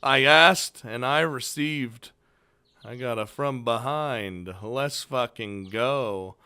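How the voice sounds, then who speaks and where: A man's voice: mid-range voice, slow, sharp tone, clean tone, dry recording. A young man casually commenting and reading aloud while playing a visual novel, joking and rambling. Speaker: let's play host.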